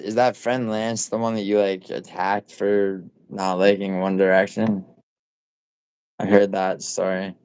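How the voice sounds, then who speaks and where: A man hosting a livestream and chatting casually with his viewers, calling them out by name as he rambles. His voice sits fairly low and comes across smooth and clear, with a dry, close sound. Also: fairly bright tone, dry recording. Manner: reads and answers chat viewers by name, loose and rambling. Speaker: livestream host.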